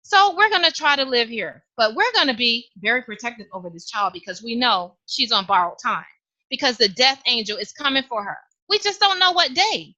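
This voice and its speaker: A woman giving a storytelling speech at a club meeting, animated and acting out each character. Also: on the high side, brisk. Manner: animated, acts out voices. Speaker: club speaker. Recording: dull lo-fi live meeting recording.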